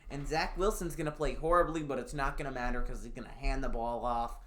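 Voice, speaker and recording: A man's voice: medium pitch, steady tone, quick pace, fairly bright tone. A man giving casual sports predictions in a profane, sarcastic rant, swinging from fired-up outbursts to glum muttering. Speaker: NFL picks YouTuber.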